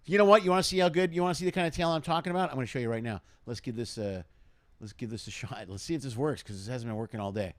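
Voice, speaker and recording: A man's voice: mid-range voice, very fast, no echo. A man in his forties hosting a casual live stream, rambling with hype-man energy and lots of fillers. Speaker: show host.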